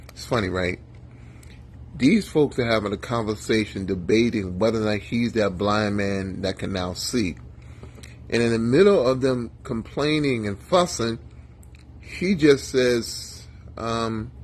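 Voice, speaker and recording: A man's voice: medium pitch, slight background noise. A male pastor giving a conversational sermon in a folksy, chatty manner, talking to his listeners by name.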